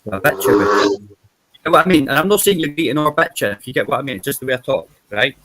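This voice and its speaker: A man's voice: mid-range voice, expressive, fast talker, a bit bright, no room sound, rough recording. A man with an Edinburgh Scottish accent, chatting bluntly and swearing freely as a guest on a livestream, often asking "you know what I mean?". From Scotland. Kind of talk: casual chat.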